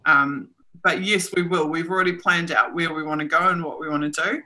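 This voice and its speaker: A woman's voice: deep voice, steady tone, a little fast, pushed and bright, low-quality recording. A woman with a New Zealand accent hosting a casual livestream chat from home, laughing often and poking fun at herself. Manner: chatty, laughs often, self-mocking. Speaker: host. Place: home room.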